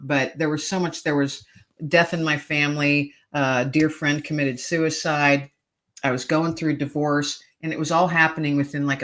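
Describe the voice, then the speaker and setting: A woman's voice: deep voice, fairly bright tone. A middle-aged woman, a podcast guest, telling a personal story earnestly and emotionally, with hesitant restarts.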